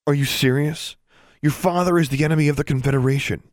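A man's voice: on the high side, steady tone, fast talker, dry recording, clean studio sound, voice pushed up, close to an everyday voice. A man voicing a contemptuous teenage wizard bully who taunts with mocking scorn in a storybook reading. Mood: sneering.

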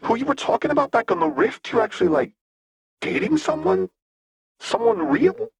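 A man's voice: extremely high pitch, huge pitch swings, normal speed, creaky, a little mellow, no echo, studio quality, voice pushed up, exaggerated voice. A man doing a sarcastic young street rebel. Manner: sarcastic, cursing.

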